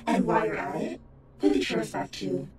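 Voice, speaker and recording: A woman's voice: normal speed, natural voice. A woman voicing an irritable female house ghost in a game who scolds the player about tidying up. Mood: scolding. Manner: scolding, bossy. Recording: echoey distant game audio over loud music.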